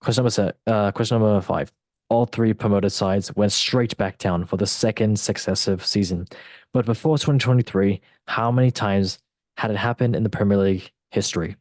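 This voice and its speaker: A man's voice: lowish voice, moderate pace, darkish tone, dry recording. A man hosting a football podcast quiz, joking and mock-dramatic in a casual chat. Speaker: podcast host running a quiz.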